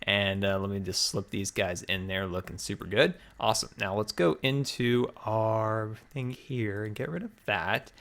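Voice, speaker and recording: A man's voice: fairly low pitch, moderate pace, vocal fry, hardly any pauses, fairly bright tone. A man hosting a building-game video, chatting upbeat and thinking aloud as he plays, a little out of breath. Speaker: host. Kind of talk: Minecraft let's play commentary.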